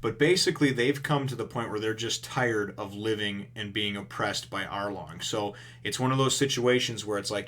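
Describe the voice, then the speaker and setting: A man with a fairly low voice talks through a comic chapter as an informal reviewer. He rambles along, leaning on "you know" and the odd blunt swear word. The tone stays loose and conversational throughout. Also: moderate pace, hardly any pauses, fairly bright tone. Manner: rambling, heavy on fillers like "you know", emphatic and casually profane. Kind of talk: casual recap and commentary.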